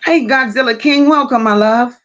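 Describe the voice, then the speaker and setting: A woman hosts a casual livestream, greeting viewers and reading their comments bluntly but affectionately, calling them "my love" and "boo." Her voice is fairly high, a bit bright, and at normal speed, and the sound is lo-fi.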